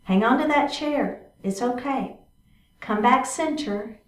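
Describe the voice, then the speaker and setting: A woman's voice: a little high, slow pace. Woman leading a yoga class, roomy sound. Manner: encouraging, cueing moves step by step with frequent check-ins. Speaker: yoga instructor. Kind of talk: guided exercise class instruction. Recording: roomy sound from a distant mic.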